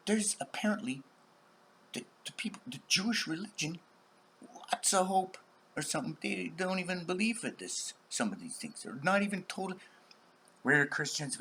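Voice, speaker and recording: A man rambling on in a monologue, acting out other people's voices and swinging between loud outbursts and whispers. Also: high voice, creaky, slight background noise. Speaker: channel host.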